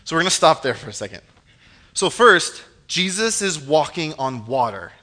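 A young man giving a casual sermon, reading scripture and acting out the scenes in an animated, joking way. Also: fairly high pitch, moderate pace. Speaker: preacher. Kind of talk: casual youth-style sermon with Bible reading.

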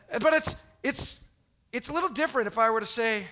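A man's voice: extremely high pitch, expressive, fast, sharp tone. A man, a pastor with young sons, giving a chatty, joking Christmas Eve sermon to his congregation. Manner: chatty, joking, with many restarts.

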